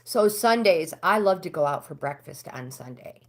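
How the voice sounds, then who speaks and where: A middle-aged American woman hosting a casual livestream, chatting with viewers and answering their comments. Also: normal speed. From United States. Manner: chatty, talks back to comments, pitch swings up when animated. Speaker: livestream host.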